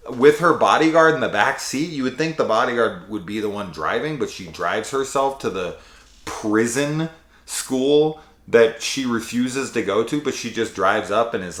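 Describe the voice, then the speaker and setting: A man's voice: fairly low pitch, a bit bright. A man casually reviewing a horror sequel, rambling and sarcastic, swearing freely. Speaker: movie reviewer. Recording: echoey room.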